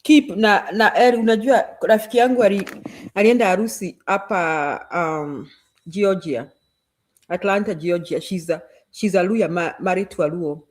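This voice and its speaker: A woman with a Kenyan accent telling a story in casual chat, animated, switching between Swahili and English. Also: mid-range voice, normal speed.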